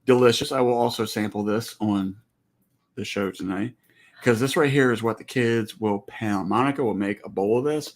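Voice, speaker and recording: Joking Texan husband on a livestream. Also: male voice, on the low side, normal speed. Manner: joking, teasing, easygoing. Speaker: co-host of a homestead livestream, husband. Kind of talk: casual livestream chat.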